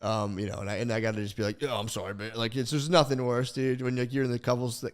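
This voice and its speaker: A young man co-hosting a podcast, telling a story in a rambling, profane, animated way, full of restarts. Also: medium pitch, fast, clear, resonant tone. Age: young adult. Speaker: podcast co-host. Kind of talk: casual podcast chat.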